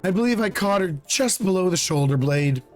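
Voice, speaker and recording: A slightly hoarse man voicing a cold, polite, murderous older male villain in a calm, measured way. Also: high-pitched, soft background music. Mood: savoring.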